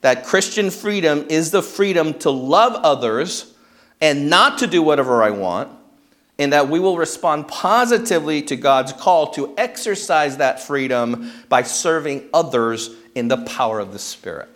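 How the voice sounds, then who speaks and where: Male pastor, a touch high in pitch, steady teaching-sermon delivery that checks in with the room. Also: normal speed. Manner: checks in with the congregation with frequent "okay?". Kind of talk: expository sermon.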